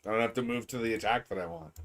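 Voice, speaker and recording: A man's voice: on the low side, racing, a bit bright. A young man streaming a game, chatting casually and joking with a friend, laughing often. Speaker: gaming streamer. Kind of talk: casual chat while playing a game.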